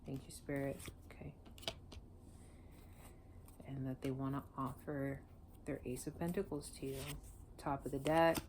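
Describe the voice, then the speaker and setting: A woman gives a casual tarot reading, talking bluntly and emotionally and swearing freely. Her voice is low, and faint background noise sits under it. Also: fairly even intonation, a little slow, pauses often. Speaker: tarot reader.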